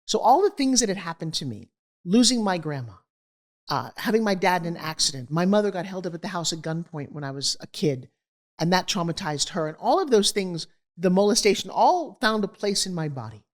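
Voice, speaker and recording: A woman's voice: on the low side, big pitch swings, fairly quick. A middle-aged woman, a guest in an interview, telling her life story candidly and animatedly, acting out the voices of people she quotes.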